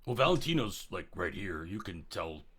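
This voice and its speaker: A man's voice: low-pitched, sing-song, moderate pace, a bit bright, slightly rough. A man playing a tabletop game, stumbling and hesitant at times, then emphatic. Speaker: player. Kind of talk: casual tabletop play.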